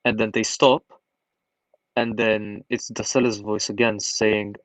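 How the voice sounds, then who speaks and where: A man tells a story to his friends in a low, even voice that hardly rises or falls. He keeps slipping quoted dialogue and "like" into his retelling, and the sound is dry and close. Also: unhurried, dry recording, poor audio. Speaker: group chat member telling a story. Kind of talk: casual storytelling.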